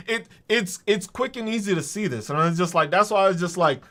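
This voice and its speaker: A man rants on his podcast with a high, lively voice that leaps all over its range. He talks in a heated, profane, mocking way. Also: a little fast, hardly any pauses. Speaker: podcast host. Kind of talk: ranting political monologue.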